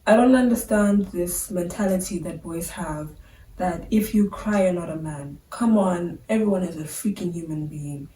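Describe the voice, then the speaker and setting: A woman's voice: on the low side, normal speed, mellow, a little hiss or hum. Young woman vlogging in a roomy space. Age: young adult. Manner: chatty, filler-heavy, candid. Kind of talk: casual talk to camera. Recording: roomy sound, a bit far from the mic.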